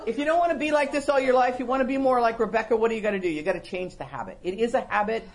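A woman's voice: fairly high pitch, rapid-fire. A woman hosting a Christian talk show, chatting animatedly and often poking fun at herself. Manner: animated, self-mocking, laughs often. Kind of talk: casual faith-based talk show chat.

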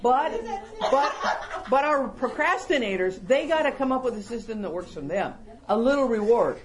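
A woman's voice: on the high side, moderate pace, noisy background. A woman hosting a Christian talk show, chatting animatedly and often poking fun at herself. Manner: animated, self-mocking, laughs often. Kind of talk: casual faith-based talk show chat.

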